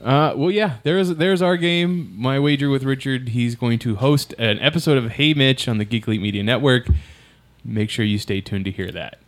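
A man's voice: medium pitch, normal speed. Laughing man hosting a casual podcast. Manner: laughs often, hesitant with fillers. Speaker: podcast host.

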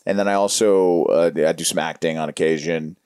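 A young man from Los Angeles talks in a loose, drawling way, sprinkling his speech with "man" and "dude." His voice sits low, and it is recorded close and dry, with no room sound. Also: fairly even intonation, fairly quick, darkish tone, clean tone, dry recording. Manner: laid-back, drawling, full of "man" and "dude". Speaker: guest, prankster and actor. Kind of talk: casual interview chat.

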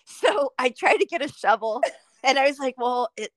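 A middle-aged woman co-hosting a casual podcast, telling a story with constant swearing and lively animation. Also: high voice, moderate pace, dry recording. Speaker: podcast co-host.

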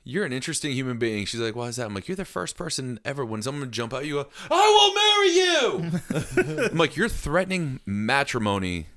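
A man's voice: animated, quick pace, few pauses, fairly bright tone. A man in casual chat who guides haunted house groups, telling stories in a dry, matter-of-fact way. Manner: dry, matter-of-fact storytelling, quoting people in a low voice.

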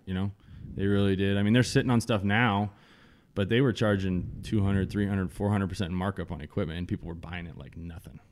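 A man's voice: low voice, fairly even intonation, a little fast, darkish tone, a little hiss or hum. A man with a frank, rambling way of talking, chatting casually as a hemp farmer on a podcast.

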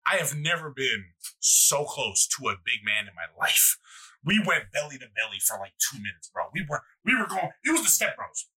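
A young man co-hosting a podcast, telling a long profane story in a rambling, animated way. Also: medium pitch, normal speed, slightly rough, poor audio. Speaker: podcast co-host. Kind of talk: casual storytelling chat.

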